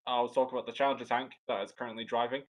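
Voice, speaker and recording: A Scottish man talks his way through live air show commentary. He is chatty and loose, cracking jokes and restarting sentences as he goes, in a voice of ordinary middle pitch. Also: flat delivery, very fast, poor audio. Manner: chatty, joking, rambling with restarts.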